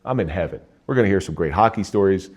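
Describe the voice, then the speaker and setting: A man's voice: lively intonation, fast talker. A middle-aged man from New Jersey, a retired police officer, telling his personal story in an earnest, conversational way as an interview guest. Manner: earnest, conversational, with frequent restarts and emotional pitch swings.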